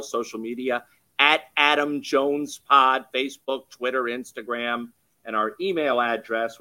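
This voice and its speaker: Co-host: upbeat man, bright tense tone, mid pitch. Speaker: podcast co-host. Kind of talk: casual chat and show segment reading.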